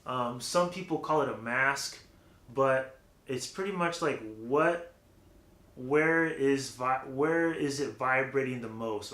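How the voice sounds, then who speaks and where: A vocal coach gives a casual, rambling lesson on vocal technique, packed with fillers, breaking off to demonstrate different voice placements. His mid-range voice sounds pushed and bright in a roomy, echoing space.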